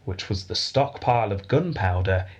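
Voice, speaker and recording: Brief: male podcast host, low husky voice, dry joking history storyteller. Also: lively intonation, normal speed, dull audio. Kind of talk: casual history podcast chat.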